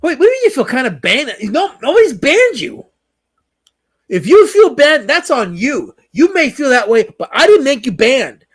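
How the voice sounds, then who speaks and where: A man's voice: extremely high pitch, sing-song, husky. A man hosting a livestream in casual banter, ranting in mock outrage and answering the chat. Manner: indignant, mock-outraged rants; fast, restless, talks back to chat. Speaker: livestream host.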